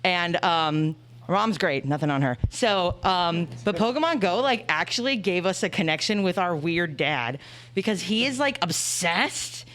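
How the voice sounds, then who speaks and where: A woman's voice: on the low side, expressive, measured pace, fairly bright tone. A young woman at a convention panel, chatting casually into a handheld mic and filling her story with "like". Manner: chatty, heavy use of "like". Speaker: audience member at a panel.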